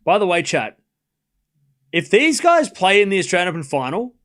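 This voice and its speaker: A man streaming a live tennis watchalong, his voice sitting a little high and swinging widely in pitch. He drifts between loose, rambling chat with viewers and quick shot-by-shot calls of the rally, getting louder when a point heats up. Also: sing-song. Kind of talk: live play-by-play watchalong commentary.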